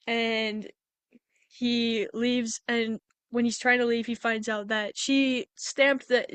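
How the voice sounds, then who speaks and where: A chatty woman recaps a film in a loose, rambling way, often stopping to restart her sentences. Her voice sits fairly high, and the sound is dry and close with no room echo. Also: level tone, takes it slowly, a bit bright, smooth. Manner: rambling plot retelling with frequent restarts. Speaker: podcast co-host. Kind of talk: casual movie review chat.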